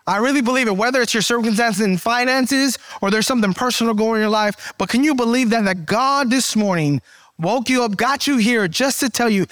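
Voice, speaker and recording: A man's voice: high-pitched, a little fast, a bit bright, dry recording, clean studio sound. A man preaching a sermon in a conversational way, acting out quoted voices as he goes. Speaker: pastor.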